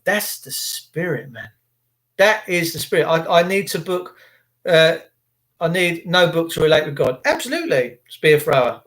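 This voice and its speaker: Excitable high-voiced man livestreaming. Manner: excitable, sarcastic, addresses viewers as mate. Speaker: livestream host. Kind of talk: casual live commentary.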